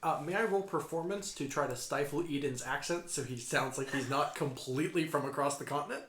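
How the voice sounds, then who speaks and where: A man's voice: on the high side, fairly quick, fairly bright tone, echoey room, slight background noise. A man playing a tabletop game, chatting and joking at himself. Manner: joking, self-mocking. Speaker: player. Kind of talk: casual tabletop chat.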